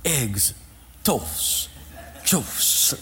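A man voicing a bewildered newcomer with broken English who speaks in clipped, halting word lists, in a reverberant hall. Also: high voice, big pitch swings, a bit bright, exaggerated voice.

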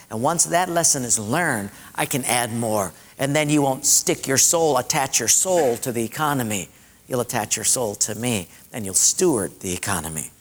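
Male preacher, sermon delivery, lively storyteller, high voice in a reverberant hall. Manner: animated storytelling with acted-out voices.

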